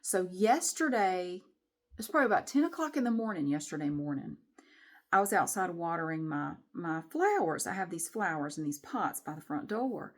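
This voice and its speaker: A woman vlogger telling a story to camera in an animated, exasperated way. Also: lowish voice, normal speed.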